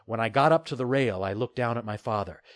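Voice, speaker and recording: Man, audiobook narrator, expressive, mid pitch, dry sound. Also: fast talker, no room sound. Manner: steady, expressive storytelling. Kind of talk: scripted narration.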